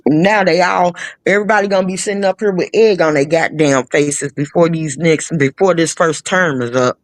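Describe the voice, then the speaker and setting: A woman's voice: deep voice, moderate pace, no echo. A woman in a casual live chat, blunt and profane, often restarting mid-thought.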